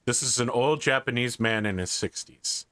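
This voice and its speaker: A man's voice: medium pitch, moderate pace, fairly bright tone, dry recording, studio quality. A man running a tabletop game as game master, teasing his players with wry asides.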